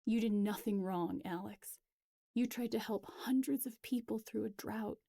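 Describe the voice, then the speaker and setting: A woman's voice: mid-range voice, measured pace, gravelly, warm tone. A woman voicing a worried, protective young woman in a storybook reading, firm and urgent.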